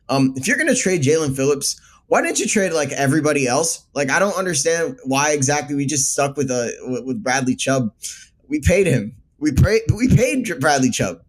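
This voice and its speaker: A man co-hosting a casual sports chat, emotional and exasperated, with frequent stammering restarts. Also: medium pitch. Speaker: co-host.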